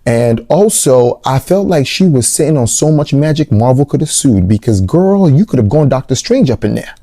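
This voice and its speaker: Joking man with a warm voice. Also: normal speed, no echo, clean studio sound. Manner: animated, joking, big pitch jumps for punchlines; rambling with restarts and asides. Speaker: movie reviewer. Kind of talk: comedic movie review vlog.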